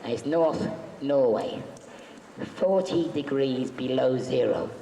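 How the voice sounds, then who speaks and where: Speaking slowly and expressively, a man with a creaky, warm, mid-range voice entertains a live crowd at a convention hall. He's a panel guest telling jokey, chatty anecdotes and voicing the quotes in them. Echo and faint background noise fill the recording.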